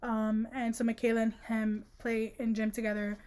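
Animated, slangy woman podcaster. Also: fairly high pitch, normal speed, clean tone. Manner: animated, slangy, acts out characters' lines. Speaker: podcast co-host. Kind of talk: casual book-discussion chat.

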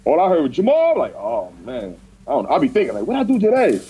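A man chatting casually outdoors as a podcast co-host, telling animated stories and acting out quotes. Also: a little high, quick pace, a little hiss or hum, low-quality recording. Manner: animated storytelling, acts out quotes. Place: outdoors in a park.

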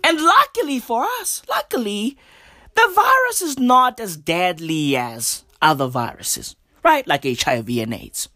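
Young woman, comic rant, exasperated and profane, swings her pitch widely, dry close recording. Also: sing-song, a little slow, pushed and bright, no echo. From South Africa. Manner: exasperated, swearing, repeats slang "bruv". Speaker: comedian. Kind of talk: stand-up style rant.

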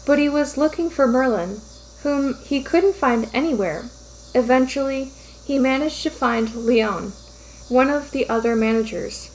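A woman reads fan fiction aloud as narrator. She speaks in a fairly high voice with an even, steady storytelling delivery. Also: unhurried, a little hiss or hum.

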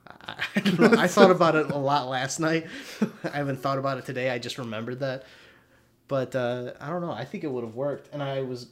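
A man's voice: medium pitch, a little fast. A man in casual podcast conversation about movies, rambling and laughing often, with casual swearing. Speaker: podcast co-host.

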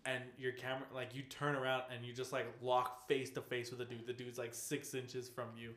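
A man's voice: medium pitch, level tone, a little fast, fairly bright tone, roomy sound. A man in casual gaming chat, rambling as he retells scenes and acts out game characters, swearing freely.

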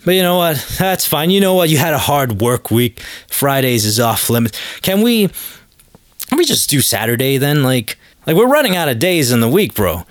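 A man's voice: mid-range voice, very animated, normal speed, dry recording, studio quality. A man hosting a comedy podcast, talking in a hesitant, rambling, awkward way full of fillers. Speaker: podcast host. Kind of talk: comedic banter.

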